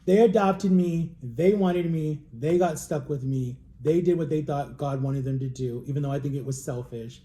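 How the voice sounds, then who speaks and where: A man's voice: medium pitch, dark tone, slight background noise. A man in his thirties talking openly and emotionally in a personal vlog, with emphatic repetitions. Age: 30s. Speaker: vlogger.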